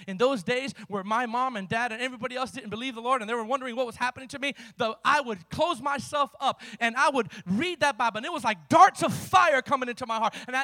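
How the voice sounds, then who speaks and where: A man's voice: very high voice, sharp tone, no room sound. A man preaching a sermon as pastor, with impassioned delivery and vivid storytelling.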